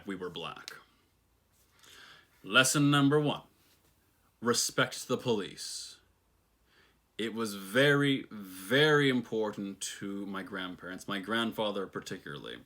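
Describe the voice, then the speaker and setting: A man with a low voice and a bright, forward tone recounts his own past. His delivery is reflective and unhurried, and now and then he slips in a dry, wry aside. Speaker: personal storyteller. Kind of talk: reflective personal storytelling monologue.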